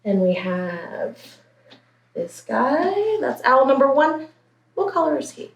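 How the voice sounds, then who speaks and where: A woman's voice: high voice, very animated, slow pace, vocal fry, far from the mic, dull audio. A woman librarian leading a story time, reading a picture book aloud and talking playfully to young children. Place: branch library. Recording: roomy echo, faint background hiss.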